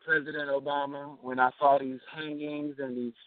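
Animated high-pitched man, phone-line sound. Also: moderate pace, dry recording. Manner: animated, swearing, laughing, boastful. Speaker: podcast co-host. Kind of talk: casual political chat.

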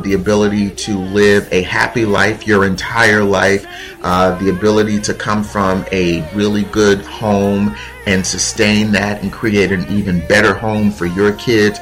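A man with a very low, deep voice speaks in an earnest, heartfelt way, pausing often and reaching for words. Soft music plays faintly beneath him as he reflects aloud to his listeners. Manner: earnest, heartfelt, with pauses and fillers. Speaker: podcast host. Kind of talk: reflective spoken monologue.

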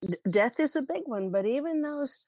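A woman hosting an interview, speaking in a calm, supportive and measured way. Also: sits high, no echo. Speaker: host.

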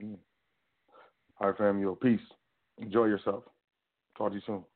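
A man hosting a call-in show, chatting casually and thanking callers in a relaxed way. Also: fairly low pitch, normal speed, husky. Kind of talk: casual call-in radio chat. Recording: phone-like line with faint music.

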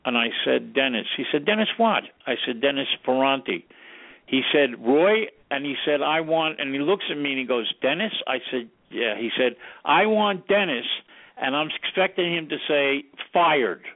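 Lively storytelling man on a tinny line. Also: medium pitch, normal speed. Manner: animated storyteller who acts out quoted dialogue. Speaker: guest, former recording studio sound engineer. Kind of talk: casual anecdotal storytelling in an interview. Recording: tinny phone-like radio audio.

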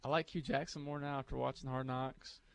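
A man's voice: mid-range voice, steady tone, brisk, vocal fry. A man co-hosting a morning sports radio show in casual, joking talk.

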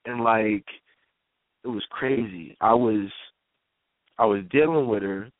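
A man's voice: on the low side, slow pace, no room sound. A man hosting a call-in talk show, telling stories casually, laughing often and acting out quoted voices. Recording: tinny phone-line sound, dry.

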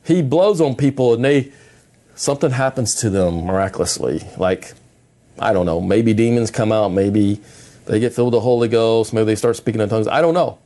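A middle-aged man preaching in a calm, plain-spoken conversational way, often repeating himself and restarting phrases. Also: lowish voice, a little fast. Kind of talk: conversational sermon.

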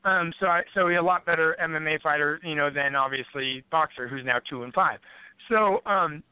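A man with a high voice rattles off a profane, rambling story at a quick clip. The sound is tinny and phone-like, with a dry, close room. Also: clear, resonant tone, no echo. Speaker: podcast guest, fighter. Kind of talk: casual storytelling.

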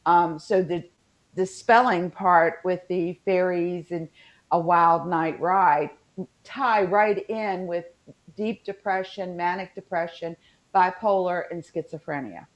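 A woman's voice: on the low side, steady tone, slow. Chatty Southern Appalachian woman, lo-fi. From West Virginia. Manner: rambling, chatty, many fillers. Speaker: podcast co-host. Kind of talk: casual chat.

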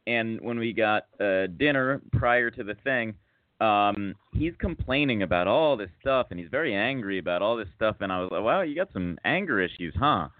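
A man's voice: on the low side, moderate pace, no room sound. Rambling man host telling a story. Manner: rambling, self-mocking, many fillers and restarts. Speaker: podcast host. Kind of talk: casual storytelling chat. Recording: tinny phone-like sound.

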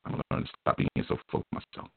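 Racing through his words, a man offers folksy spiritual teaching, full of chuckles and everyday speech and illustrated with homespun tales. It's a tinny, phone-like dry recording with no room sound.

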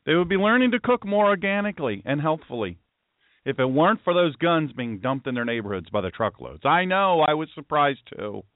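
A pastor from the US East Coast hosts his own talk show, delivering a solo talk-radio monologue full of sarcastic jokes and mock-serious asides while his throat sounds tired and sore. His voice is fairly high with lively intonation, a little fast, and the recording is dry with a narrow, phone-like sound.

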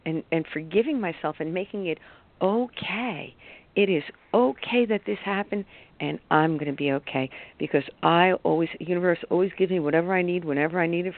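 A woman coach on a radio talk show, telling a personal story in an animated, rambling way with bursts of excitement. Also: fairly low pitch. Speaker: life coach guest. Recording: tinny phone line.

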